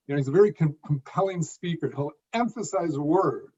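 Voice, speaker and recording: A man's voice: on the high side, brisk, mellow, breathy edge. A man around sixty, a guest in an interview, speaking in emphatic phrases with occasional repeated words. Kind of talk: conversational interview. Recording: dull lo-fi audio.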